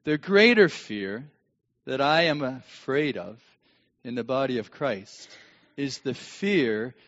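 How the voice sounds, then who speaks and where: Middle-aged preacher in an echoing hall. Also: male voice, medium pitch, lively intonation, slow pace. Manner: dramatic, swings from hushed to shouting. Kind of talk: sermon with personal storytelling. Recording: long hall reverb, dull lo-fi sound.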